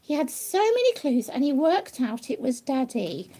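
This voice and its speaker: A woman speaks in a very high voice that swoops up and down. She coaxes and praises her pet rabbit in a playful, sing-song way. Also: very animated, moderate pace, mellow, husky. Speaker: pet rabbit owner hosting a live stream. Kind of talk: doting talk to a pet rabbit.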